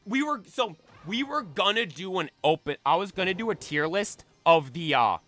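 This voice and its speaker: Young guy streaming, high pitched and hyped, keeps breaking into loud singing. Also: normal speed. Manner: excitable, belts out anime theme songs. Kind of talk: casual chat while shiny hunting.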